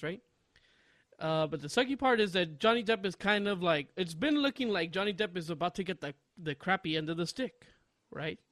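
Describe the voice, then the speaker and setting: A man's voice: a little high, no room sound. Rambling young man telling stories on a podcast. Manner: rambling storyteller, laughs loudly at own jokes. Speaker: podcast co-host. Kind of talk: casual podcast chat.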